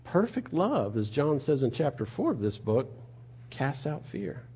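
Husky-voiced man preaching with rhetorical questions. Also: fairly high pitch, big pitch swings, measured pace. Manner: conversational preaching, rhetorical questions, swings between soft and loud. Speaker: pastor. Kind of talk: sermon.

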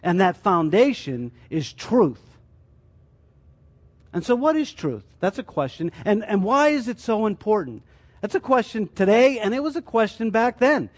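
A man's voice: high voice, very animated, measured pace. A man teaching a sermon as a church teacher, explaining his points through rhetorical questions.

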